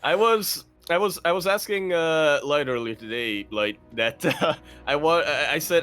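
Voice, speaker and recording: Man, esports caster, live commentary, chatty, fairly high voice. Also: clean tone, soft background music. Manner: chatty, laughs easily, quick excited bursts.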